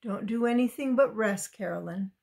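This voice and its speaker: A woman's voice: a little high, moderate pace, gravelly, a little mellow. A woman voicing a stern, sober pioneer father in a read-aloud storybook. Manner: stern, firm.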